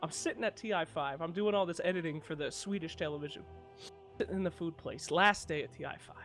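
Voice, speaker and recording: Young dude, high-ish voice, super animated storytelling, swears a lot. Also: male voice, fast, soft background music. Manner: animated, excitable, swears freely. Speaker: video creator. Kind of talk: casual anecdote storytelling.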